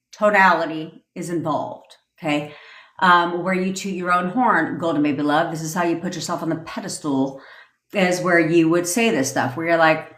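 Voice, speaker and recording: A woman's voice: on the low side, moderate pace, a bit bright, reverberant. A woman coach ranting on a livestream, blunt and profane, acting out sassy examples as she teaches. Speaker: manifestation coach. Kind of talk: livestream rant.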